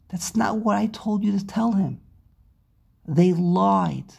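A woman teaching a scripture lesson in an animated, emphatic way, often repeating phrases. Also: mid-range voice, slow, creaky, breathy edge. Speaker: religious teacher.

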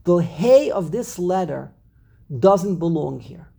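Male Torah teacher, dark gravelly voice, repeats himself as he explains grammar. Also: high voice, very animated. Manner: repeats and restarts phrases, slows down to stress words. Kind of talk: text study lesson explaining grammar.

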